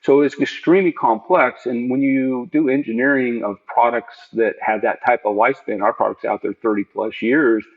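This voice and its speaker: A man's voice: mid-range voice, moderate pace, few pauses. A middle-aged man, a podcast guest, tells earnest, reflective stories of his working life in a conversational interview from home. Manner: earnest, reflective, animated storyteller. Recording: dull lo-fi remote audio.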